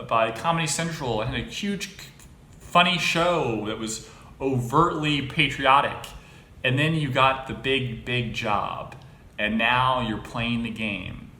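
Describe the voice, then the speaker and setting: A man's voice: mid-range voice, sharp tone. A man hosting a casual political monologue, rambling and exasperated, with frequent fillers and restarts. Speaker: host. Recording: echoey room, faint ambient noise.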